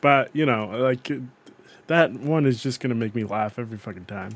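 Excitable young man on a podcast. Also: mid-range voice, normal speed, dry recording. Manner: excitable, swears, defends his picks. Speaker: podcast co-host. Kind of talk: casual chat. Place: lives in New York.

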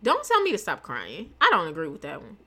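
Bright, lively woman chatting casually. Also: on the low side, a little fast, husky. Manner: laughs often, animated storytelling voices. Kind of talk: casual chat.

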